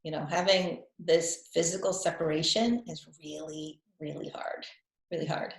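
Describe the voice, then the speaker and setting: On a casual video call, a guest health coach from New England, her Boston accent mostly faded, chats while often laughing and repeating words. She has a deep, gravelly voice with fairly even intonation at normal speed, and the audio is poor and roomy.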